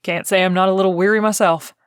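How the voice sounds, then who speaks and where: A woman voicing a young, gentle Southern man working as a protective bodyguard in an audiobook, speaking easily in a slightly lowered voice. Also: steady tone, fast talker, smooth, no echo, clean studio sound, lightly acted. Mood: caring. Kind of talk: audiobook character voice.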